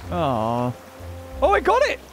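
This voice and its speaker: A British man chatting casually while playing a game with a friend, excitable and playful, laughing often. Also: extremely high pitch. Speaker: gaming YouTuber. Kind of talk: casual let's-play chat.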